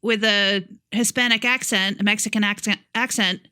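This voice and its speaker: A woman's voice: mid-range voice, steady tone, normal speed, bright, forceful tone, clear, resonant tone, no echo. A woman co-hosting a casual podcast chat, pushing back with dry, teasing short replies. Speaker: podcast co-host.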